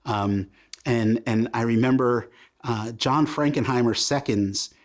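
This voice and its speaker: A man's voice: mid-range voice, measured pace. A man in his fifties from Portland, Oregon, telling stories about his life in a casual interview and acting out remembered lines of dialogue. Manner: animated, self-deprecating, acts out remembered dialogue. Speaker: comic book creator as guest.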